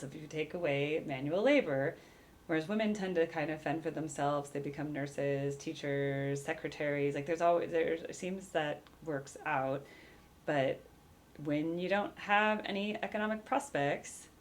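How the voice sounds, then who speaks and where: A woman hosting a reaction channel, talking casually with rambling asides, with a small-town Northern California accent. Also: low-pitched. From Redding, California. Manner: chatty and rambling, many likes and asides. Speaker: reaction video host, vocal coach. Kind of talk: casual chat.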